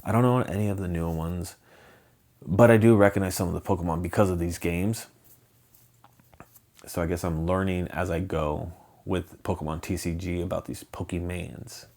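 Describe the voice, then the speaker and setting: A man's voice: low-pitched, fairly even intonation, moderate pace, pauses often, a little mellow. A man from Southern California hosting a solo podcast, rambling and hesitant, with many ums and restarts. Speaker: podcast host. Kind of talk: casual solo podcast chat.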